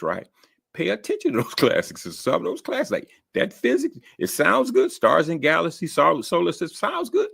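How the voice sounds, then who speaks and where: Low gravelly guy giving college tips, jokey, repeats himself, lots of swing in his voice. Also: moderate pace. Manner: animated, joking, repeats words. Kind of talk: casual talk-to-camera advice.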